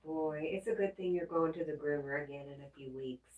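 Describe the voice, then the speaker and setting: A woman's voice: sits low, fairly quick, phone-quality sound. A woman hosting a casual early-morning livestream at home, reading viewer comments aloud and cooing in baby talk to her dog. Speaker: livestream host. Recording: roomy sound, mic far off.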